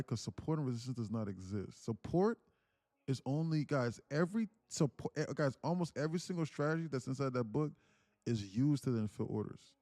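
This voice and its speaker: A man hosts a trading livestream in a loose, casual manner, his medium-pitched voice mellow on a dry, studio-quality recording. Reading the chat, he often repeats himself and restarts phrases.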